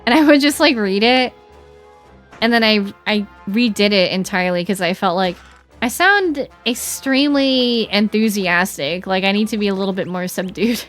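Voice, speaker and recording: A young woman chatting casually while streaming a game, animated and giggly, with lots of "like" fillers. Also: medium pitch, moderate pace, faint music behind.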